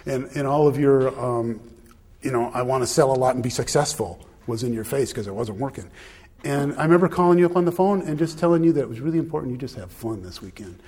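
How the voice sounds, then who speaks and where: A man's voice: medium pitch, lively intonation, quick pace, warm tone. A man telling a rambling, self-deprecating personal story in casual conversation, laughing often. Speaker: husband sharing a personal story.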